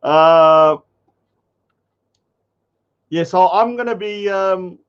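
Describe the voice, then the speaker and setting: A man's voice: high voice, very slow, smooth. A man commenting scornfully on a livestream, mocking comments. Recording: dull lo-fi stream audio.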